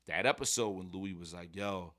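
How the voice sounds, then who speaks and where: Guest rapper, New man, a touch low-voiced, animated storyteller who slips into quoted voices. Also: fairly quick. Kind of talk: casual interview conversation.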